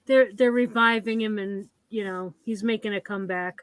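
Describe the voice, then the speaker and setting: A woman's voice: mid-range voice, steady tone, normal speed, smooth. A woman on a podcast panel, chatting casually. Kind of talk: casual chat.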